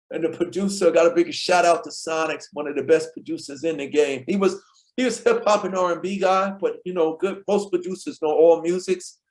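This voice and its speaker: A man, a guest on a podcast, telling lively anecdotes and acting out the people in them. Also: a little high. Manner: tells anecdotes, acts out quoted people in lively voices. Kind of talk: animated storytelling in conversation.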